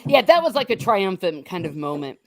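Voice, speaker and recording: A woman's voice: medium pitch, very animated, a little fast. A middle-aged woman hosting a casual livestream chat, laughing often and greeting viewers by name. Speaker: host.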